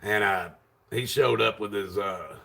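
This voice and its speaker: Loud rambling man with a gravelly voice. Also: lowish voice, measured pace. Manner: loud, rambling retelling with many fillers. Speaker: vlogger. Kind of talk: casual storytelling to camera.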